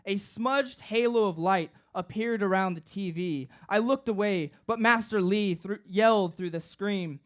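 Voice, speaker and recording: A man's voice: high voice, moderate pace, few pauses. A young man performing a comic personal story live on stage, acting out his friends' voices. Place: live stage before an audience.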